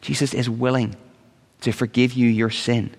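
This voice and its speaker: Guy preaching a sermon, earnest and pleading, middle pitch, big echoey church hall. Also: little pitch movement, moderate pace, creaky, a little mellow. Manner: earnest, rises to urgent pleading appeals. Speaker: pastor. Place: church sanctuary. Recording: long reverb of a church hall.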